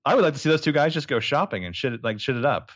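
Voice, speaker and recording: A man's voice: mid-range voice, very fast, no room sound, muffled recording. A man in his thirties co-hosting a podcast, joking and swearing as he recaps a book. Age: 30s. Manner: animated, jokey, swears freely. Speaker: podcast co-host. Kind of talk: casual chat recapping a book.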